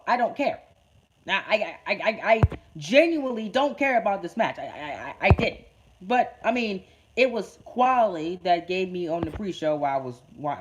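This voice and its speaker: A man giving a casual podcast-style wrestling review. He stammers and repeats words often, and he rants in exasperation. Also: on the high side. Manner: ranting, exasperated.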